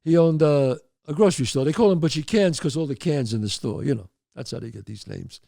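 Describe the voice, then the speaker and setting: A man's voice: on the high side, fairly quick, gravelly, dry recording, studio quality. A man hosting a show, telling neighborhood stories and giving advice, calling his listeners folks with emphatic asides. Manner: animated storyteller with emphatic asides. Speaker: host.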